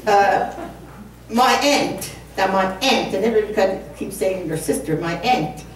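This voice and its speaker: A woman's voice: medium pitch, a little slow. A woman in her seventies telling a rambling, humorous story to a live audience at a community concert, laughing at herself as she goes. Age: 70s. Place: community hall. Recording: echoey hall, distant mic, faint room noise.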